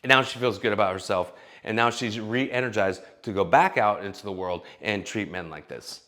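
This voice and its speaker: Man in his forties, low voice, blunt, swears, opinionated dating rant. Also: moderate pace, bright, forceful tone. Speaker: vlogger giving dating advice.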